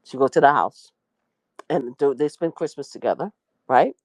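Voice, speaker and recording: Animated middle-aged woman retelling a story. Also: normal speed, no echo. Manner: animated, slangy, jumps into high voices to act out quotes. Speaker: media personality recapping a trial. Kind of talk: casual storytelling breakdown.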